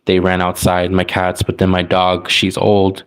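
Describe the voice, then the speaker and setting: Low-voiced guy just chatting, rambly, lots of likes and restarts. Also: monotone, a little slow, clean tone. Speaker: tarot reader. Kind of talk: casual storytelling.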